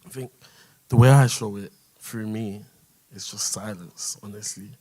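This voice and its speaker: A man with a London accent on a church panel, quietly reflecting on childhood memories. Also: on the low side, fairly even intonation, measured pace. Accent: London English. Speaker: panel guest. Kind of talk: casual personal testimony.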